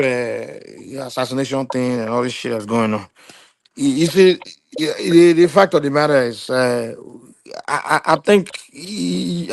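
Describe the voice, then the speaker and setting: A man's voice: medium pitch, dry recording. A man hosting a casual discussion, rambling with many fillers and restarts, talking through a phone.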